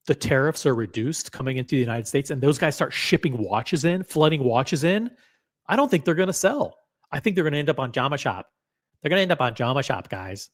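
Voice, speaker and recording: A man hosting a live stream who reacts casually, jokes, swears and reads chat comments aloud. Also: medium pitch. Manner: loose, joking, profane, reads chat aloud.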